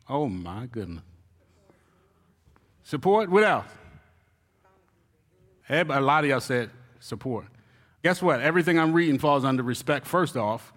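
A man, a church elder, giving a joking, animated sermon on marriage to his congregation. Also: medium pitch, moderate pace, long pauses. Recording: reverberant hall.

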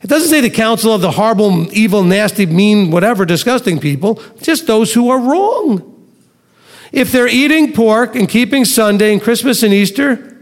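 A man with a high-pitched voice preaches a sermon to a congregation. He presses his points with rhetorical questions and sarcastic asides. His voice rings with the long echo of a large hall. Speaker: Messianic Torah teacher. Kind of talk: sermon to a live and online congregation.

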